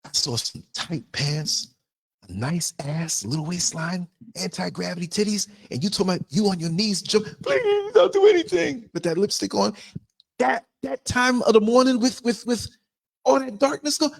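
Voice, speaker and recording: A man's voice: high voice, normal speed, vocal fry. An older man from the United States, hosting a livestream and telling a story in a blunt, emphatic way. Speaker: podcaster host.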